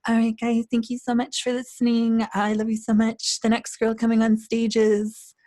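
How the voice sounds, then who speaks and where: A man's voice: monotone, normal speed, a little mellow, dry recording, studio quality. A man voicing a young female drag performer with a sweet little baby voice. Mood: sugary. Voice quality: high sugary baby voice.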